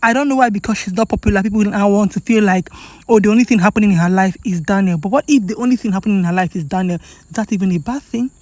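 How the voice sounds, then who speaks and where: A woman's voice: mid-range voice, racing, darkish tone, dry recording. Chatty Nigerian woman vlogger, dry sound. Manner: chatty, emphatic, repeats for effect. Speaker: celebrity gossip vlogger. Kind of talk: casual commentary to camera.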